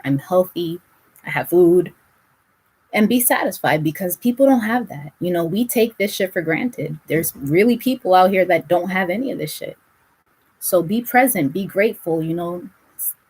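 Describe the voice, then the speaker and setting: A woman's voice: fairly low pitch, a little mellow, breathy edge. A woman giving a casual spiritual reading to her viewers, blunt and direct, swearing freely as she hands out advice. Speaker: tarot reader.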